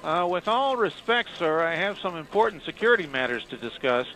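A man's voice: a little high, sing-song, brisk, bright, forceful tone, exaggerated voice, rough recording. A man voicing a cautious, dutiful male senator in a comedy sketch. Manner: hesitant, dutiful.

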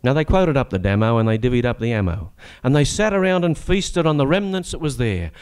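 A man's voice: mid-range voice, lively intonation, a little fast, darkish tone, clear, resonant tone. A man with an Australian accent reciting comic bush-ballad verse on a live stage with a rollicking, rhythmic delivery.

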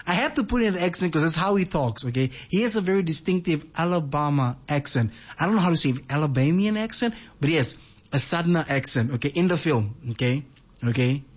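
A man hosting a late-night radio show, talking casually and at length, often repeating himself and checking in with listeners. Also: fairly high pitch. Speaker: radio host.

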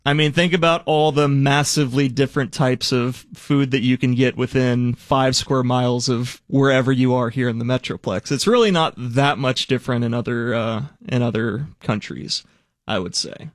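A man's voice: medium pitch, moderate pace, no echo, studio quality. A man co-hosting a sports radio show, telling a rambling story in casual on-air chat with small laughs. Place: radio studio.

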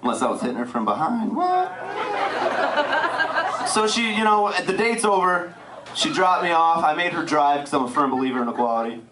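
Lively young man telling stand-up stories. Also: on the high side, fast talker, background noise. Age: 20s. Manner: lively, self-mocking storytelling. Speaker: stand-up comedian. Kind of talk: stand-up comedy set. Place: comedy club stage. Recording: roomy, distant club recording. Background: audience laughter.

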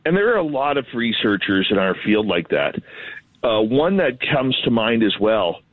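A man's voice: mid-range voice, normal speed, dry recording. Canadian man over a tinny phone line. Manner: animated, self-deprecating storyteller. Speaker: radio host, guest. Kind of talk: casual chat, storytelling.

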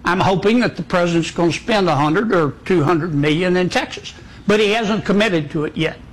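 A man speaking as a senator in an interview, folksy and plainspoken with hesitant filler pauses. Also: sits high, low-quality recording. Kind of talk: interview remarks.

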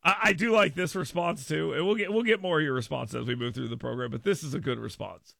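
A man's voice: on the high side, fast, vocal fry, pushed and bright, no room sound, clean studio sound. A man hosting a radio talk show, riffing emphatically with listeners in a casual monologue.

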